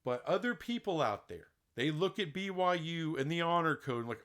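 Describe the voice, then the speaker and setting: A man's voice: fairly high pitch, big pitch swings, normal speed, hardly any pauses, a bit bright. A man giving opinionated solo commentary on college sports, emphatic and indignant, full of rhetorical questions. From Texas.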